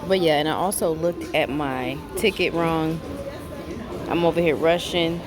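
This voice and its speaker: A woman talking casually to her phone camera in an airport for a travel vlog, chatty and expressive, venting her frustrations as she goes. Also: sits low, unhurried. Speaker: travel vlogger. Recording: noisy airport ambience.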